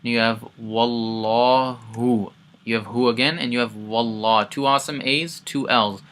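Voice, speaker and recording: A man with a bright voice teaches Quran recitation in a relaxed, casual way. He breaks each word into its sounds and says them again and again. When he recites the verses, his voice rises and gets louder. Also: medium pitch, moderate pace. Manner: explains sounds step by step, repeats words, chants recited verses loudly.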